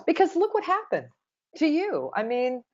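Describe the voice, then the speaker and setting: A woman's voice: high-pitched, huge pitch swings, normal speed, a little hiss or hum. Encouraging woman radio host. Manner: encouraging, affirming. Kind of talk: interview. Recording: dull lo-fi sound.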